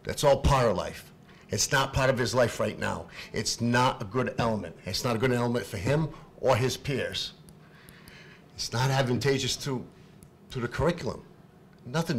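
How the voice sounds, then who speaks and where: A middle-aged man, speaking up as a parent at a public meeting, halting and repeating himself, then rising to shouting. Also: mid-range voice, slight background noise. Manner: impassioned, halting, repeats words, swings from quiet to shouting. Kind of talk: emotional unscripted public comment.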